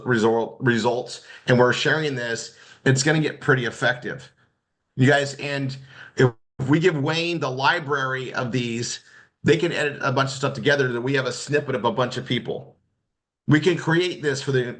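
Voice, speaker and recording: Bright-voiced man rambling through a training talk. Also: medium pitch. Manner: rambling, many restarts and fillers. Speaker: marketing instructor.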